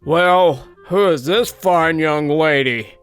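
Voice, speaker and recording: A man's voice: fairly high pitch, takes it slowly, a bit bright, clean tone, soft background music. A man doing a nasal, whiny, creepy slob. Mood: leering, smug. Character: slovenly adult man, rude and creepy.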